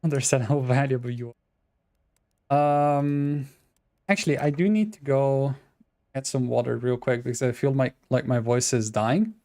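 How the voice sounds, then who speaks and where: A man's voice: mid-range voice, normal speed, a little mellow. A man live-streaming a tactical shooter, chatting casually with viewers in a rambling, self-deprecating, joking way. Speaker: game streamer. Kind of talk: casual live-stream chat while gaming.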